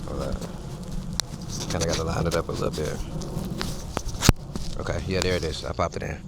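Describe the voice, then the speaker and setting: Low, gravelly man testing a mic outdoors. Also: fairly even intonation, normal speed, pauses often, very noisy. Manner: loose, rambling, addresses viewers directly. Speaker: gear reviewer. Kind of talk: casual microphone sound test. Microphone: wireless clip-on microphone. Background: faint ambience with people around.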